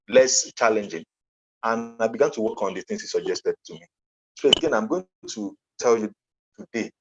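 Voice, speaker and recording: A man's voice: lowish voice, darkish tone, breathy edge. A man with a Nigerian accent giving an earnest motivational conference talk as a coach, emphatic and repeating his key phrases. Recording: dull lo-fi online conference audio.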